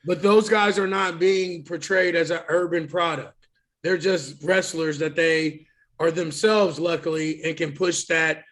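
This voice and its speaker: A man's voice: on the high side, steady tone, unhurried, a bit bright. A man co-hosting a wrestling podcast, talking bluntly and emphatically with plenty of swearing. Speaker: podcast co-host. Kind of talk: casual wrestling podcast chat.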